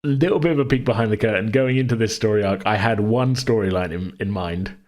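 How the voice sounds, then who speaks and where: A man hosting a tabletop podcast, chatting casually in a relaxed, rambling way and laughing often. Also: fairly low pitch, fast. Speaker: game master and podcast host. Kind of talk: casual chat.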